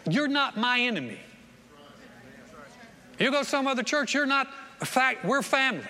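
A man preaching a lively sermon as pastor, repeating phrases and acting out other people's voices, on a stage microphone in a church auditorium. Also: very high voice, normal speed, creaky, pauses often. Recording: long hall reverb, faint room noise.

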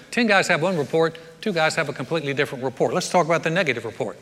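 A man preaching a sermon as a pastor, telling the story in a lively way with repeated words and joking asides. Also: on the high side, fast, few pauses. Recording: echoey hall reverb.

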